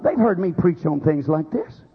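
A man's voice: a little high, expressive, moderate pace, husky, phone-quality sound. A man preaching a sermon, acting out quoted voices as he goes. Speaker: pastor.

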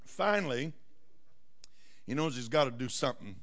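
A man's voice: medium pitch, expressive, normal speed, fairly bright tone. A male preacher retelling a Bible story dramatically, acting out scenes with folksy asides.

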